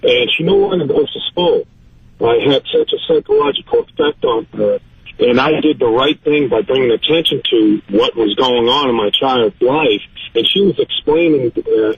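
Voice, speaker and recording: A man and father calling a radio show, earnest and halting with fillers. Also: mid-range voice, breathy edge, no room sound. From Massachusetts. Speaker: caller, father. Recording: tinny phone line.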